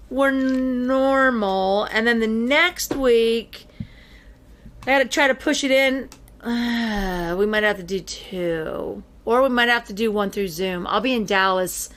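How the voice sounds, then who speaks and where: A woman hosting a casual podcast, chatty with many fillers and quick laughs. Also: a little high, fairly bright tone. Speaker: podcast host.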